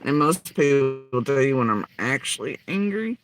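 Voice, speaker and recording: A man delivering a heated, profane rant, swinging between loud outbursts and low muttering. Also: expressive, normal speed, a little hiss or hum. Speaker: podcaster ranting.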